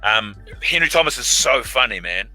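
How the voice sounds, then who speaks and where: Bright-voiced man telling stories. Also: mid-range voice, moderate pace, soft background music, rough recording. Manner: animated, acts out quoted lines in big voices. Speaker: actor guest. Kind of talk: casual anecdotal storytelling. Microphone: video call.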